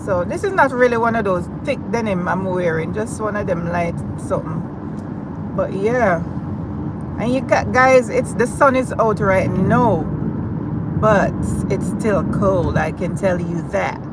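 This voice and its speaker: Behind the wheel, a woman with a Jamaican accent streams live from her car, chatting casually and addressing her viewers directly. Her voice is medium-pitched and unhurried, and the sound of the car and road comes through.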